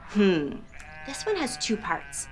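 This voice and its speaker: A woman's voice: fairly low pitch, huge pitch swings, very slow, soft background music. A young woman hosting a toddler learning show, playful and exaggerated, spelling words letter by letter with laughs and gasps. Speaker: children's educational host. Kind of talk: slow, sing-song toddler teaching with animal sounds.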